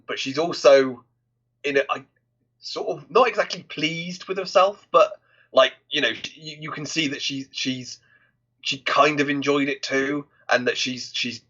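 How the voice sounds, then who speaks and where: A man co-hosting a film podcast, talking casually and haltingly, with many restarts as he searches for words. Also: mid-range voice, a bit bright, slightly rough. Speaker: podcast co-host. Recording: dull, lo-fi sound.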